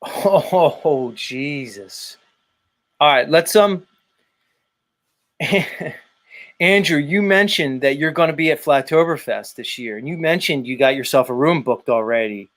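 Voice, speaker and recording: A man's voice: on the high side, expressive, unhurried, fairly bright tone. A man hosting a casual podcast chat, swearing freely and goading a viewer in a ranting, profane way. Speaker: podcast host.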